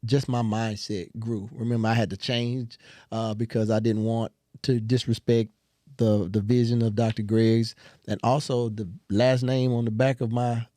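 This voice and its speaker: A young man as an interview guest, telling his story earnestly with many pauses and restarts. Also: medium pitch, level tone, mellow, no echo. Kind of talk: casual interview talk.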